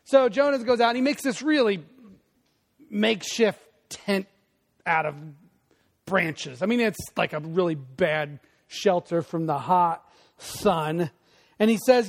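A male pastor preaching a sermon in a conversational way, with loud bursts, hushed emphasis and frequent asides to the congregation. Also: sits high.

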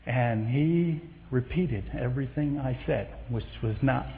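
Pastor in a tinny echoey hall. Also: male voice, medium pitch, measured pace, gravelly, a little hiss or hum. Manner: animated storytelling with acted quotes. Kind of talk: sermon with story. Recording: echoey hall sound over a tinny thin line.

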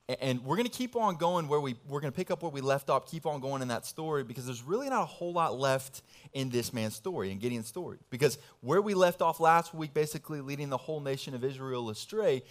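Animated casual young man preaching. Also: mid-range voice. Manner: casual, animated storytelling with slang. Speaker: pastor. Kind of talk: sermon.

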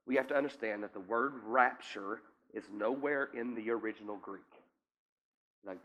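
A man preaching a teaching sermon in a conversational way, often checking in with listeners and now and then coughing or clearing his throat. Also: fairly low pitch, moderate pace, pushed and bright. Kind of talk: sermon teaching with scripture reading.

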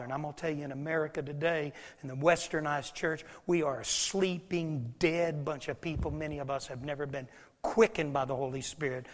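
A man preaching in a church sanctuary, his fairly high voice ringing with a long hall reverb. He swings from loud, pressing declarations to hushed, whispered passages, the way a pastor works a congregation. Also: fairly even intonation, normal speed. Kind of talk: sermon.

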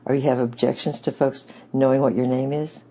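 A man's voice: mid-range voice, level tone, brisk, warm tone, husky. A man voicing an elderly island grandfather who is hearty and emotional, in a raised, exclaiming manner. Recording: dull lo-fi recording.

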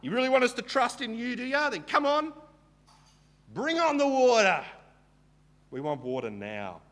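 A man's voice: very high voice, big pitch swings, normal speed, fairly bright tone, pitched above the performer's own voice, exaggerated voice. A man voicing a demanding, grumbling Israelite who mockingly challenges God during a sermon. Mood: sarcastic demanding.

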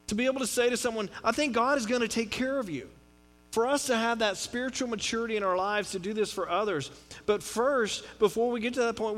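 A middle-aged man preaching a sermon in a conversational, joking way, with swings from loud to quiet. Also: high voice. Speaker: pastor.

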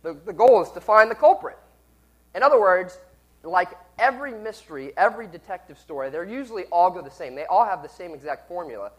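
A man with a high voice, a little sick, delivers a sermon and teaching in a conversational way, putting questions to his listeners. The recording quality is low.

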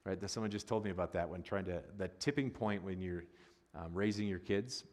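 A middle-aged male pastor with a fairly low voice preaches in a casual, joking way and now and then breaks into loud, excited bursts. His voice rings with the long reverb of a large church hall. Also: brisk. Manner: conversational and humorous, rising to loud excited bursts. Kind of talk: sermon.

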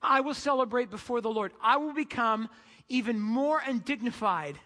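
A joyful king answers his critic in a firm, declaring voice, as a preacher quotes him. The tone is bright and the sound carries a long hall reverb. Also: very high-pitched, lively intonation, moderate pace, heavily acted. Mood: defiant.

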